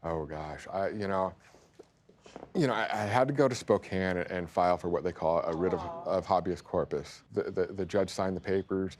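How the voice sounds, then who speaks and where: A man's voice: low-pitched, darkish tone. Choked-up stammering man. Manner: halting, stammering, repeats words. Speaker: guest father. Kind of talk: TV talk show interview.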